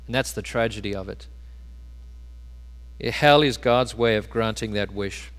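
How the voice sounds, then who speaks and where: Preaching man in an echoing hall. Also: a little slow. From South Africa. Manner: preaching with sharp shifts between loud emphasis and quiet, low asides. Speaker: pastor. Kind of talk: sermon. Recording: long hall reverb.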